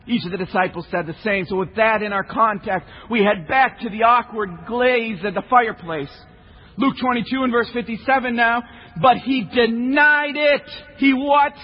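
Husky high male preacher, shouts then hushes, echoey hall, slightly muffled. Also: fairly quick. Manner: impassioned, swinging from shouting to hushed. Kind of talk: sermon.

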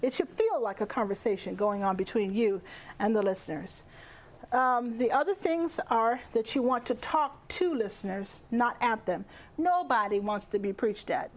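A woman teaching public speaking to a live audience, animated and playful, laughing often and speaking into a handheld microphone in a lecture room. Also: a little high. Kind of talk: lively workshop lecture.

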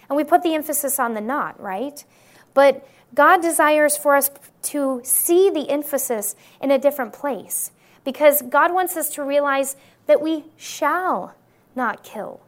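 High-voiced woman giving an earnest sermon. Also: moderate pace. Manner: earnest, checks in with listeners by asking "right?". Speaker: Christian speaker. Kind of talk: testimony-style sermon talk to an audience.

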